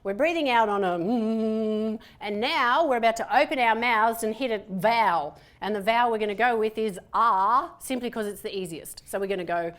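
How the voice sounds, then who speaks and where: Lively woman leading voice exercises. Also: on the high side. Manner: lively, playful instructor counting slowly. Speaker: voice workshop presenter. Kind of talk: guided breathing and voice exercise. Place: room with a participating group.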